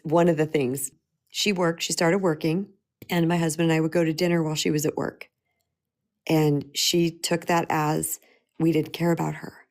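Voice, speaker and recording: A middle-aged woman gives a motivational talk as a spiritual empowerment coach, earnest and emphatic, frequently repeating her key phrases. Her voice is fairly low and a little mellow.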